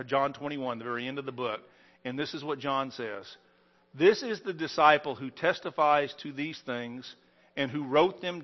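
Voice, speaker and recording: A male preacher with a high voice delivers an emphatic sermon, pushing some phrases out loud and slow, then dropping others low and quiet. The recording is dull and lo-fi, like a plain church capture. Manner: emphatic preaching with wide swings in loudness and slow stressed phrases. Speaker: pastor.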